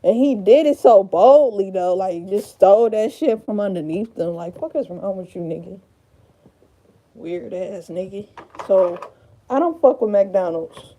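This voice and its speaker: A woman's voice: mid-range voice, measured pace, dark tone, highs cut off. A woman with a Detroit accent talking casually on a livestream, blunt, profane and rambling. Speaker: livestream host.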